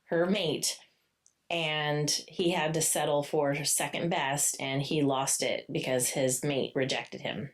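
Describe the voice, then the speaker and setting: A woman co-hosting a podcast, chatting casually about a book, gushing and swearing freely with quick asides. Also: sits low, steady tone. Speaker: podcast co-host. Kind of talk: casual book-review chat.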